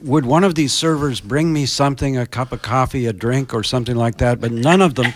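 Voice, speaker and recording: A man on a radio show in comedic banter, delivering dry, absurd deadpan asides. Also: medium pitch, fairly quick, slight background noise. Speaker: comedy troupe member on radio. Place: radio studio.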